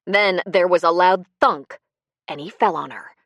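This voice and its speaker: Brief: female audiobook narrator, tense and dramatic, lower register, dry sound. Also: unhurried, a bit bright, dry recording. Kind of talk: scripted narration.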